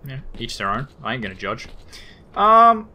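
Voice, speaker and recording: Aussie male let's-player, animated and bright, chatty and a bit sweary. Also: medium pitch, normal speed, a little hiss or hum. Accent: Australian. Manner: chatty, rambling, casually profane. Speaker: let's play gamer. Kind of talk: casual gameplay commentary.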